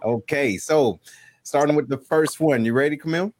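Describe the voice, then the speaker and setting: A man's voice: fairly high pitch, moderate pace, a little mellow, no room sound. A man co-hosting a casual talk show, laid-back and conversational, often repeating words as he starts a thought. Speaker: co-host.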